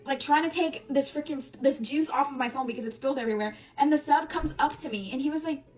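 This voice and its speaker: A woman's voice: sits high, quick pace, darkish tone. A young woman telling a casual storytime, rambling with lots of fillers and casual swearing. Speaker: storytime creator.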